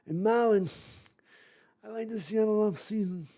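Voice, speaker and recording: A man putting on the voice of an aging male mob boss, hushed and muffled, as a comedic impression. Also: high-pitched, unhurried, voice pushed up. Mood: mock menacing.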